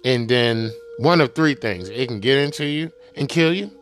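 A man's voice: mid-range voice, expressive, moderate pace, a bit bright. A man talking loosely and profanely in a rambling casual monologue, full of fillers and repeated asides. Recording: music playing behind the voice.

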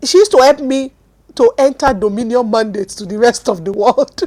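A Nigerian woman teaching a sermon, animated storytelling that swings from loud bursts to hushed words, speaking into a mic at a desk. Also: on the high side, moderate pace. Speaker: apostle and teacher.

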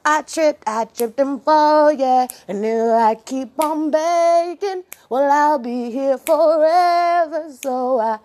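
A woman in an improvised, half-sung monologue, answering herself with rhythmic "what?" and "yeah", swinging between soft murmurs and loud sung bursts. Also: high voice, takes it slowly, hardly any pauses.

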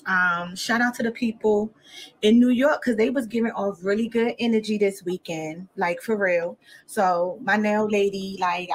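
A woman co-hosting a podcast, telling stories in casual chat and acting out what others said. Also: mid-range voice. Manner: animated, acts out what others said. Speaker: podcast co-host.

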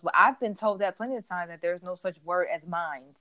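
A woman co-hosting a casual podcast chat, telling animated stories. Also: medium pitch, fast talker, few pauses, no echo. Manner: chatty storyteller, animated retellings. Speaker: podcast co-host.

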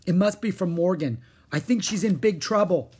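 Man doing a doubtful young boy, slightly raised, husky, sighing. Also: high voice, normal speed, a little mellow, pitched above the performer's own voice. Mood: worried. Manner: doubtful and sighing, a bit grumpy. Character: cautious, skeptical young boy.

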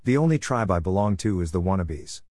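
A man reading his own reflective story in a measured, wry way. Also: deep voice, lively intonation, a little mellow, no echo, clean studio sound. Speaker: narrator.

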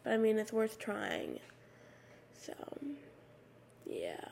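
A teenage girl hosting her own podcast, raspy with a slight lisp on her s sounds, rambling casually with lots of "like" fillers into a USB microphone. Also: medium pitch, wildly swooping pitch, slow, darkish tone, a little hiss or hum. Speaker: podcast host. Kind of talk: casual solo podcast talk. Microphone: USB microphone at a computer.

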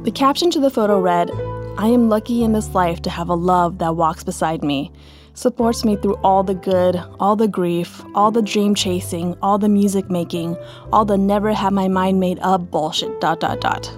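Gentle woman podcast host narrating. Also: mid-range voice, normal speed, soft background music. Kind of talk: scripted narration and interviewing.

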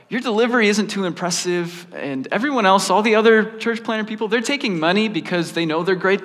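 A man's voice: high-pitched, a bit bright. A man voicing a pushy, needling congregation. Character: pushy demanding church congregation, impatient. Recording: long reverb in a large hall.

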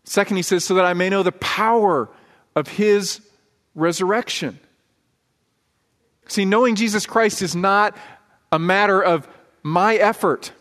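A man with a fairly high voice preaches to his congregation in an earnest, conversational way, weaving personal stories into the sermon. His voice rings out with a long reverb from the church sanctuary. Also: a little slow, pauses often, fairly bright tone. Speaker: pastor.

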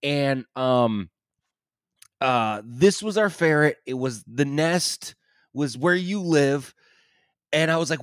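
A man telling a story in casual chat, laughing often, swearing and acting out the quotes loudly. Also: mid-range voice, lively intonation, unhurried, dry recording, clean studio sound.

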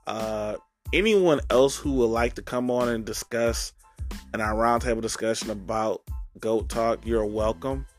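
A man's voice: lowish voice, measured pace, soft background music. Man hosting a casual sports podcast. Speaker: podcast host.

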